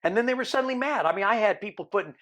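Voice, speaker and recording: An older man, a podcast guest, tells his own story in a lively way and acts out the people he quotes. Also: high-pitched, very fast, lo-fi sound. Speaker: interview guest.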